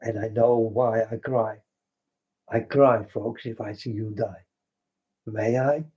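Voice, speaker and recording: Slow earnest man, dull lo-fi sound. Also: lowish voice, fairly even intonation, warm tone, husky. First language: Dutch. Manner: earnest and repetitive, addresses listeners as folks. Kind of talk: impassioned spoken monologue. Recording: dull lo-fi recording.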